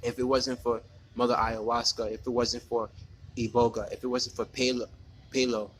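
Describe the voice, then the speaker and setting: A man in a personal spoken monologue, talking in an earnest, halting way with many restarts and repeated words, defiant when he speaks straight to a critic. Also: mid-range voice, flat delivery, fairly bright tone, a little hiss or hum, low-quality recording.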